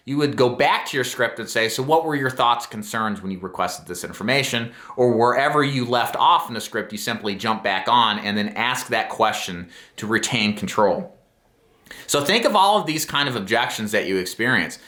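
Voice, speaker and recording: A middle-aged man coaching new sales agents, his voice bright and forward. He lays out points earnestly and with emphasis, checking in with listeners as he goes, in a roomy space with noticeable echo. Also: medium pitch. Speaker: insurance sales trainer. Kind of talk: instructional talk to camera.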